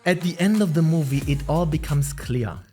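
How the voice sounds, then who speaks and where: A man talks through a film review in a loose, playful way, tossing in jokey asides. His voice sits fairly high for a man. Soft music plays faintly underneath. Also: moderate pace. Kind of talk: casual video film review.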